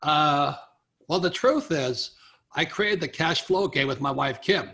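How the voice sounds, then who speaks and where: An older man, a guest author in an interview, telling stories in an animated way and acting out what other people said. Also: a little high, unhurried. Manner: animated storyteller, acts out quoted people, chuckles often. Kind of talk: storytelling in a conversational interview.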